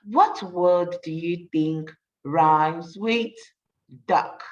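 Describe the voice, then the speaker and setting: A woman reading a picture book aloud to young children as a teacher, slowly and encouragingly, stopping to practise rhyming words. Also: fairly low pitch, distant mic, muffled recording. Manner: slow, sing-song and encouraging, praises often. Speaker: storyteller and teacher.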